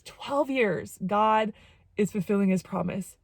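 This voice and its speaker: A woman's voice: mid-range voice, a little fast, no echo. A woman vlogger telling an emotional personal faith story, rambling and repeating her phrases. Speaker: jewelry vlogger and former missionary.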